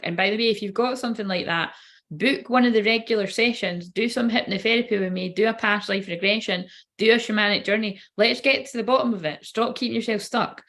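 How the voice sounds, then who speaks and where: A woman's voice: mid-range voice, a little fast, fairly bright tone. A young woman, a tarot card reader, chatting casually and rambling to her viewers, laughing often and swearing freely.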